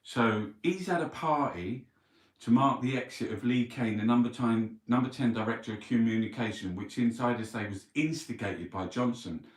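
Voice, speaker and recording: A man's voice: medium pitch, normal speed. A man hosting a casual newspaper review, blunt, mocking and full of swearing. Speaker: online show host. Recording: roomy, from a distance.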